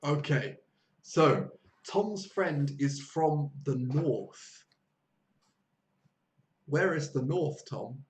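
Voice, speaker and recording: A man with a southern English accent hosting a live online English lesson over a video call, explaining phrases by repeating them slowly. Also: fairly high pitch, animated. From southern England. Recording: echoey room with faint noise.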